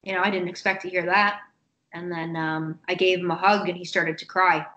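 A woman telling a personal story in a casual interview, animated and acting out other people's lines. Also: fairly low pitch, brisk, muffled recording. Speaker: guest.

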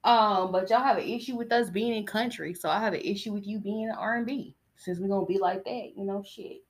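A young woman runs her own podcast, talking fairly quickly in a casual monologue on her own. She sounds soft and low-key, but her asides are blunt, opinionated, and slangy.

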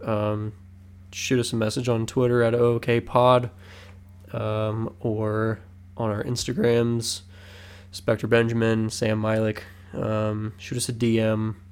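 A man co-hosting a casual podcast, talking in a relaxed, rambling way with lots of filler words. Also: lowish voice, slow pace, smooth. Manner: laid-back, rambling, full of "um" fillers. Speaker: podcast co-host.

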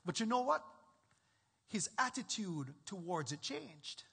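High, bright-voiced preaching man in a hall. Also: unhurried, creaky, slightly rough. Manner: animated, emphatic preaching with rising bursts. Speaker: pastor. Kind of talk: sermon. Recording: echoey hall with long reverb.

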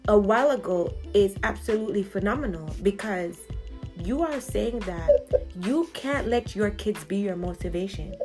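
A woman's voice: medium pitch, lively intonation, moderate pace. Woman host for an interview, upbeat and affirming, faint music behind. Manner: affirming, encouraging. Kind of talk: podcast interview.

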